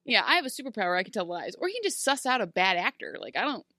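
A bright, sharp-toned woman chatting about a TV show. She is animated and laughs a lot, slipping into quick mock voices for the characters. The sound is close and dry. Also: medium pitch, no echo. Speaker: podcast co-host. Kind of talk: casual chat recapping a TV show.

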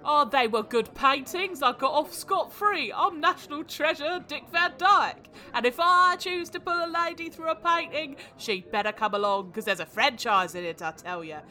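A woman's voice: high-pitched, animated, normal speed, hardly any pauses, bright, forceful tone. A woman voicing a boastful old male actor with a put-on mock Cockney accent, brash and swaggering.

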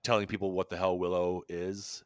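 Man, very low voice, relaxed podcast co-host, dry sound. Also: fairly quick, no room sound. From United States. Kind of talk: casual chat.

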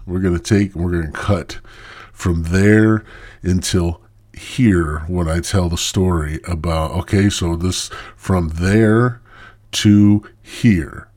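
A man's voice: low voice, measured pace, a little mellow. A stoned man hosting his own podcast in a crude, rambling monologue that loses its thread. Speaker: podcast host.

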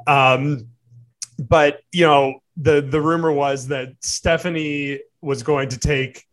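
Male editor on a chat podcast, discursive and wry, thinks out loud. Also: on the high side, steady tone, slow pace. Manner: teasing, talks through ideas with fillers. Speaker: editor-in-chief, podcast regular.

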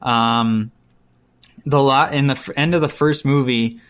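A man co-hosting a casual chat about movies, ranting bluntly and breaking into quick mimicked voices. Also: medium pitch, fairly even intonation, fairly bright tone.

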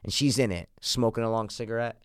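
A young man co-hosting a casual podcast, talkative and insistent, swearing freely as he pushes his point. His voice sits at a middle pitch, and the recording is dry and close. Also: steady tone, quick pace, clear, resonant tone, no echo. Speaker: podcast co-host. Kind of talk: casual chat, movie guessing game.

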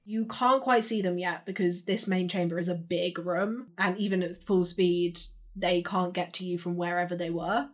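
A woman's voice: fairly low pitch, fairly even intonation, moderate pace. A woman narrating as game master of a tabletop role-playing game, casual and swearing freely. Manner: casual, swears, restarts mid-sentence.

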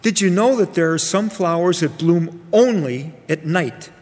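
A man voicing a kindly, wise old owl who guides a lost child, speaking in a gentle, musing way. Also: fairly high pitch, expressive, measured pace, big-room sound.

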